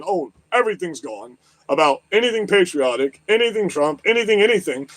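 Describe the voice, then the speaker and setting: High-voiced man ranting, swearing nonstop. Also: animated, fast talker, a bit bright, no echo. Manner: agitated, swears constantly, repeats questions. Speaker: livestream host. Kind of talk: profane political rant. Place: lives in southwest Florida.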